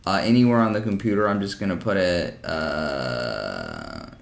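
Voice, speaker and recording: A man hosting a casual animation software tutorial at a desk mic, chatty and self-deprecating. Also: low-pitched, expressive, a little slow, creaky. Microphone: desk microphone. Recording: roomy echo in home room.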